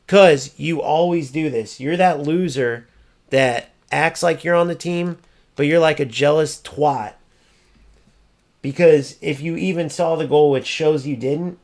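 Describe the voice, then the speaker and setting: Male gaming host, heated profane rant, slightly high, gravelly. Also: darkish tone. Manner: blunt, profane, repeats for emphasis.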